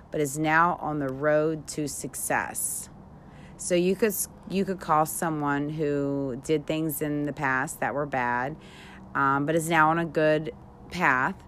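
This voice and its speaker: Low, slow-talking playful woman. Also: fairly bright tone, a little hiss or hum. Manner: giggly, playful, reads definitions aloud. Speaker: podcast co-host. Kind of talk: casual chat.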